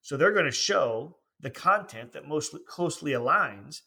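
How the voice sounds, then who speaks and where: Bright-voiced man hosting a podcast. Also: fairly high pitch, expressive, measured pace, vocal fry, slightly rough. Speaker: podcast host. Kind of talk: interview hosting.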